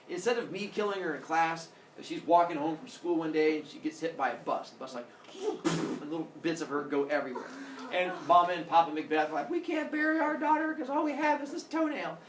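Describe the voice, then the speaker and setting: A male teacher telling a story to his class in an animated way, acting out characters with sound effects. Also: on the high side, normal speed, background noise. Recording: echoey classroom from far off.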